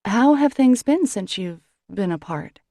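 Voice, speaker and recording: A woman's voice: medium pitch, expressive, unhurried, dark tone, no room sound, clean studio sound, voice pushed up. A woman voicing an earnest, emotional older sister who speaks in a careful, pleasant social-worker tone. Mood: carefully pleasant.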